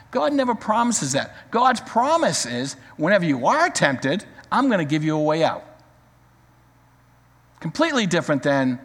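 A man's voice: a little high, long reverb tail. A man preaching a sermon as pastor, direct and urging his listeners.

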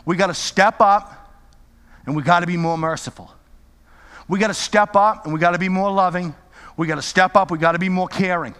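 A man's voice: sits high, a bit bright, big-room sound. A male pastor preaching a sermon with impassioned, repetitive exhortations.

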